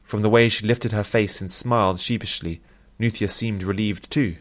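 A man narrates a fantasy audiobook in a somewhat low voice. He reads in a measured, steady storytelling way.

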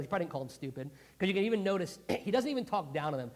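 A man preaching a sermon in a conversational, earnest way, clearing his throat often. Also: high-pitched, sing-song, very fast. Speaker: pastor.

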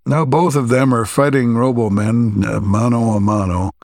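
A man co-hosting a podcast, recapping a story's plot in a relaxed, halting way with frequent pauses. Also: mid-range voice, creaky, dry recording, studio quality. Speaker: podcast co-host.

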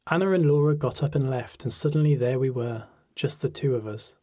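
A man reading a first-person audiobook in a measured, reflective way. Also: medium pitch, mellow, slightly rough. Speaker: audiobook narrator.

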